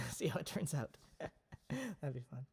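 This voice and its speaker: A man's voice: mid-range voice, big pitch swings, slow pace, gravelly, darkish tone, breathy edge. A man hosting a casual home livestream, chatting playfully in rambling asides between a cappella songs. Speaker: livestream host.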